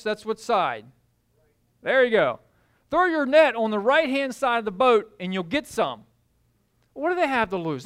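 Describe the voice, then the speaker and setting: A man preaching a sermon, telling the story in an animated way and acting out the scenes. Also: extremely high pitch. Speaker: pastor.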